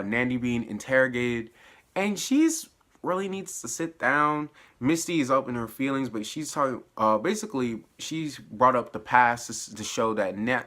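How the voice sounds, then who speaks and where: A man at home giving a slangy, animated spoken recap of a TV episode, dropping to low mutters and jumping to high exclamations and laughing often. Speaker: TV episode reviewer. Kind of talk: casual spoiler recap.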